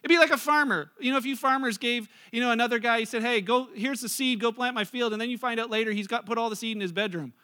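A man's voice: very high-pitched, fairly even intonation, quick pace, hardly any pauses, pushed and bright, smooth. A man preaching a sermon in a conversational way, reading scripture and acting out the lines of people in his examples. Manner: conversational preaching, acts out characters' lines with rising energy. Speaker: pastor.

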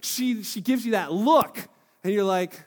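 A man preaching a sermon as pastor, telling stories in a lively way and acting out the voices of the people in them. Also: high-pitched, unhurried, in a large hall. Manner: animated storytelling, acting out quoted voices. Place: church hall.

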